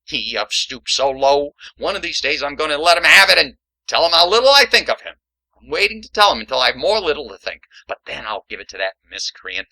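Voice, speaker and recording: A man's voice: fairly high pitch, sing-song, a little fast, pushed and bright, full character voice, rough recording. A man playing a lovesick, pompous colonial tinker, speaking in florid mock-old-fashioned phrases with hammy comic delivery. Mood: indignant. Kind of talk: stage comedy acting.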